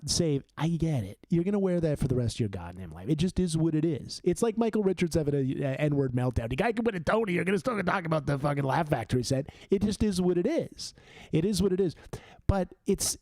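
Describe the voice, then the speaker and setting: Young man, livestream host, swearing rants, lively swooping pitch, mellow tone. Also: no echo. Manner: profane rambling rants. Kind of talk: casual live game watch-along commentary.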